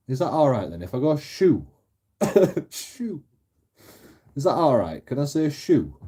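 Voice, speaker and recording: Host, male, husky and mellow, rambling sweary rant with frequent laughs. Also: mid-range voice. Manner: swears freely, laughs often, rambling with restarts. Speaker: channel host. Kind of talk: casual ranting commentary.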